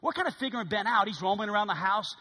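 A man preaching in an animated storytelling style, acting out the voices of the people in his story. His voice is high and bright with a slightly husky edge, and it rings out with a long echo in a big hall. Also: racing. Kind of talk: sermon storytelling.

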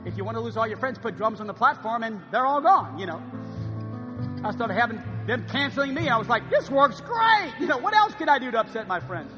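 A pastor in his fifties preaching a sermon, shifting between hushed, quiet passages and loud, emphatic ones. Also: very high-pitched, expressive, fast talker. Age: 50s. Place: church sanctuary. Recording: live church recording with long reverb and music.

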